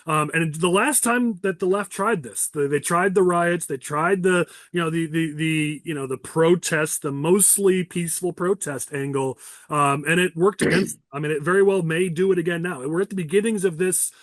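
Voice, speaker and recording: A man's voice: fairly high pitch, normal speed, no echo, clean studio sound. A man hosting a political talk podcast, speaking bluntly and with opinion, now and then restarting his sentences. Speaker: podcast host. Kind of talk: casual political chat.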